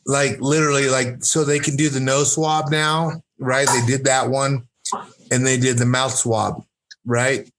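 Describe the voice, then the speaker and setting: A brash man rambling through a casual podcast chat. His voice sits at an ordinary middle pitch, and he swears freely while piling up fillers. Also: flat delivery, unhurried, fairly bright tone. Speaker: podcast guest, fight coach.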